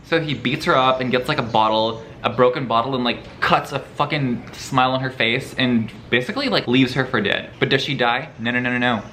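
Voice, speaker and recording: A bright, forceful man talks through his reading in a casual vlog, animated and swearing freely in a campy way. A faint ambient hum sits under his voice. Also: medium pitch, fairly quick, hardly any pauses. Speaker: book vlogger. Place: indoors at home, later outdoors.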